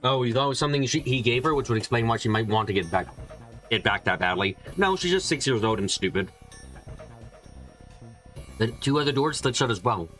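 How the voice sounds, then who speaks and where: Man, game narration, casual commentary, swearing, lively voice. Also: mid-range voice, fairly quick, pauses often, faint music behind. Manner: swears a lot, laughs, chatty. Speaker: game streamer. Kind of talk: reading a visual novel aloud with commentary.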